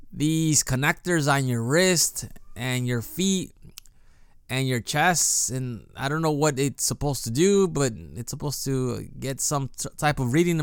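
A man's voice: on the high side, fairly bright tone, clear, resonant tone, no echo, studio quality. A man hosting a casual solo podcast, telling a story in a chatty way with restarts and "you know" fillers. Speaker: podcast host. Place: lives in Japan.

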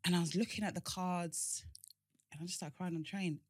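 A woman's voice: on the low side, steady tone, fairly quick, a little mellow, husky, no room sound, studio quality. A woman, frankly telling a personal story and reassuring a friend in a casual chat. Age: 30s.

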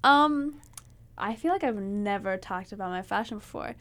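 A woman guest in a casual podcast chat, playful and quick to joke, but hesitant with fillers when asked about herself. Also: mid-range voice, animated, a bit bright.

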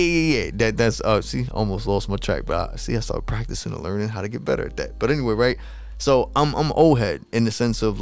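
A man's voice: mid-range voice, clean tone. A man, talking casually and rambling, swearing a lot and losing his train of thought. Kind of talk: casual monologue.

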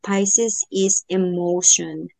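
Slow-talking woman with dry close sound. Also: on the low side, steady tone, vocal fry, a little mellow, no echo. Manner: slow, thoughtful, many fillers and restarts. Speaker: astrologer giving a chart reading. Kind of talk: podcast interview, explaining.

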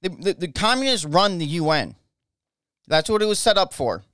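A man's voice: high-pitched, big pitch swings, moderate pace, fairly bright tone, no room sound, clean studio sound. An American man hosting a podcast, ranting angrily with lots of swearing and stumbling restarts. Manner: angry, profane, repeats himself. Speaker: podcast host. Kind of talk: ranting political podcast monologue.

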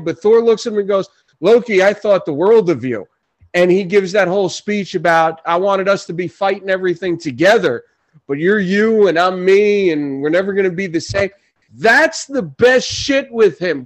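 High-voiced man ranting on a podcast. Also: no room sound. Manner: ranting, emphatic, repeats himself. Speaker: podcast co-host. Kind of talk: casual chat.

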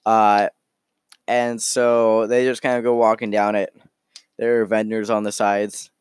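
A man's voice: lowish voice, flat delivery, measured pace, smooth, dry recording, clean studio sound. A man narrating as game master of a tabletop game, rambling and full of fillers.

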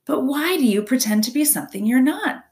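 A woman's voice: sits high, lively intonation, a little fast, darkish tone, voice pushed up. A woman voicing a polite, literal female robot who speaks stiffly and formally, in a storybook reading.

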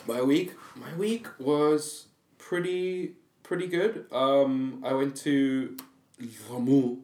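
A man's voice: a little high, slow, darkish tone. A young man co-hosting a podcast in loose, swearing, laughing casual chat. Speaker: podcast co-host. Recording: echoey room.

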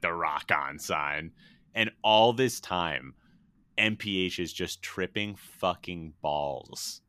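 A man's voice: sits low, sharp tone, dry recording. A man co-hosting a podcast in casual chat, animatedly retelling movie scenes and swearing freely. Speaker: podcast co-host.

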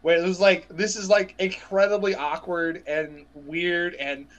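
A relaxed man co-hosting a podcast, his voice sitting a bit higher than most men's. He talks in a loose, halting way with small restarts. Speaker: podcast co-host. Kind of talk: casual fan chat.

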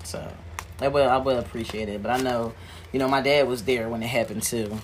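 A woman hosting her own podcast, talking casually and candidly in a rambling way, full of slang and restarts, and dropping low and soft when she talks about grief. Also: fairly even intonation, brisk, slight background noise. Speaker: podcast host.

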